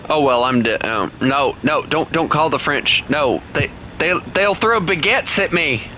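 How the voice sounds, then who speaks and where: A young man with a Southern American accent streams a game live, chatting casually and teasing his viewers with jokes and quick restarts. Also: fairly high pitch, expressive, bright, forceful tone, a little hiss or hum, low-quality recording. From United States. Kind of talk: casual live-stream chat while playing.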